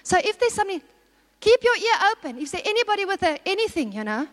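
A woman's voice: extremely high pitch, very animated, fast, fairly bright tone. A woman preaching a sermon, exhorting and putting questions to the congregation. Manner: exhorting, asks the audience questions. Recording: long hall reverb.

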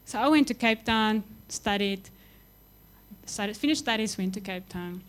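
A young adult woman preaching a sermon, impassioned, building to emphatic peaks and then dropping to soft, quiet lines. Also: medium pitch, lively intonation, normal speed.

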